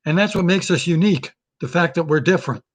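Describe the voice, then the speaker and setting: A man's voice: fairly high pitch, fast talker. A man hosting a weekly comic talk segment, musing in a folksy way and asking his audience rhetorical questions. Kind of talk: casual comedic monologue.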